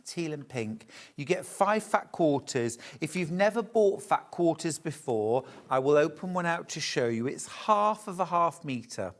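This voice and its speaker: A man hosting a live shopping show, unhurried yet gushing over every item. His pitch swoops up and down in a lively, animated way. He is chatty and warm toward viewers, with plenty of delighted asides. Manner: gushing, chatty and enthusiastic about fabrics. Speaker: home shopping presenter. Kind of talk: live shopping channel presentation.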